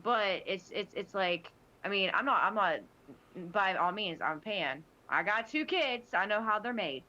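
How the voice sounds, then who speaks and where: A woman chatting casually on a podcast panel, telling stories animatedly with frequent restarts. Her voice is bright and forceful. The recording sounds a little dull and lo-fi. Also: mid-range voice, unhurried. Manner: animated storytelling with many restarts. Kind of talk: casual chat.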